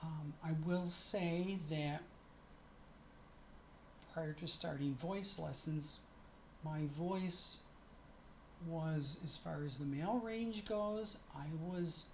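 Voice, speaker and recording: A woman's voice: deep voice, takes it slowly, slight background noise. A middle-aged woman chatting to camera in a casual vlog, often stopping to correct herself. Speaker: vlogger.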